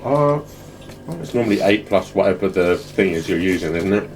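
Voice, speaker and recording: Low, lively-voiced joking player. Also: male voice, normal speed, slight background noise. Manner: joking, hesitant with fillers. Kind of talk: casual tabletop game chat.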